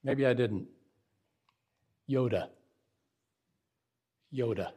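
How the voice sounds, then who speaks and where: A man's voice: medium pitch, extremely slow, mellow, husky. A male preacher giving a Bible lesson in sermon style, emphatic and often asking the audience rhetorical questions. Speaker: preacher teaching Bible syntax.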